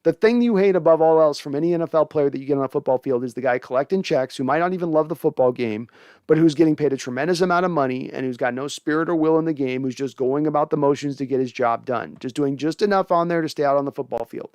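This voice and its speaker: A man's voice: fairly high pitch, quick pace, a little mellow, smooth, no room sound, clean studio sound. Opinionated man talking football. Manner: conversational, opinionated, frequent restarts. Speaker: sports podcast host reading viewer comments. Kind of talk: casual fan commentary.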